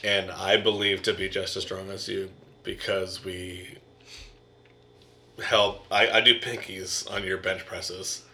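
A man's voice: low voice, level tone, slow pace, bright, forceful tone. A man who is a drummer, chatting as a guest on a podcast, joking around and bursting into laughter. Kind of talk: casual podcast chat.

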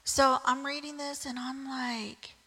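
A woman's voice: high voice, little pitch movement, unhurried, pushed and bright, in a large hall. A woman preaching a casual sermon, telling the story in a chatty way with frequent "right?" asides.

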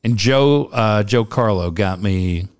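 A man co-hosting a casual podcast, laid-back and chiming in with quick reactions. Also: lowish voice, clear, resonant tone. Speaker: co-host.

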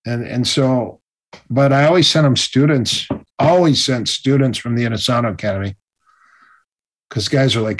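In a casual interview, a man tells stories in an animated way, acting out other people's voices. His voice is mid-range and his pace moderate.

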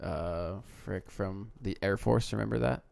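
A man's voice: lowish voice, measured pace, gravelly, a little mellow, no echo. A man co-hosting a podcast in loose casual chat, who likes to slip into playful voices. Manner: loose, chatty, fond of playful impressions. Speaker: podcast co-host.

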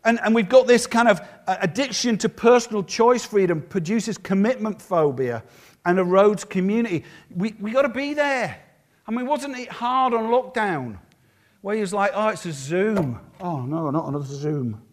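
A man delivers a lively sermon from the pulpit, his voice sitting high for a man. He talks fast and loose, slipping into little voices to act out what others say. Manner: lively, acts out quotes of others. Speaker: pastor.

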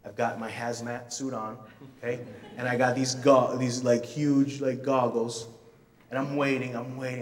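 A man preaching a sermon, telling a story in an animated way with playful asides. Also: mid-range voice, moderate pace, far from the mic. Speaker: pastor. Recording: reverberant hall from off-mic.

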